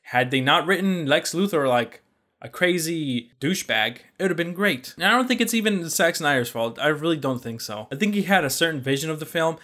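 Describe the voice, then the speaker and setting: A man's voice: a little high, expressive, fairly quick, sharp tone. A young man giving a casual, blunt movie review, exasperated and swearing freely. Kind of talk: casual opinion rant.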